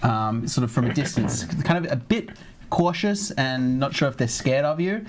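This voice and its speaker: A man narrating as game master for a tabletop role-playing game, in a relaxed, chatty way with small hesitations. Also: mid-range voice, normal speed, a little hiss or hum.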